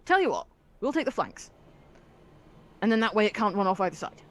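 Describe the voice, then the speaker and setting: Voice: mid-range voice, very animated, brisk. Chatty game master narrating a tabletop game, laughing along. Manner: chatty, laughs between lines.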